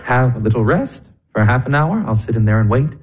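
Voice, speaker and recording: A performer playing a quietly gentle, contented man who murmurs softly. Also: medium pitch, very animated, a little fast, breathy edge.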